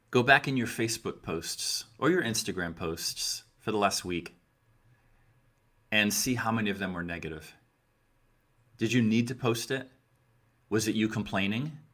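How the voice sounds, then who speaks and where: A man's voice: on the low side, fairly bright tone. Earnest middle-aged man coaching listeners. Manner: earnest, coaching, repeats key phrases. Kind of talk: direct-to-camera advice talk.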